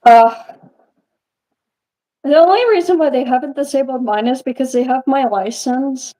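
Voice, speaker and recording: A woman's voice: sits high, normal speed, dark tone, rough recording. A young woman puppeteer chatting casually on a live-stream Q&A, rambling and laughing as she talks.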